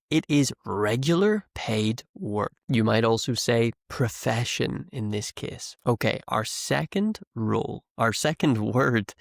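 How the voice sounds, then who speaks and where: A man hosting an English-learning podcast, explaining vocabulary slowly and repeating key words. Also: medium pitch, gravelly, no room sound, studio quality. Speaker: English teacher and podcast host. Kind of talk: slow, clear teaching monologue.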